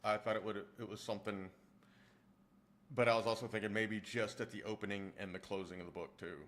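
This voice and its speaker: Rambling low-voiced man chatting with viewers. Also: fairly even intonation, a little fast, a bit bright. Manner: rambling, with frequent restarts while answering chat. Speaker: streamer and audiobook narrator. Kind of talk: casual chat with viewers.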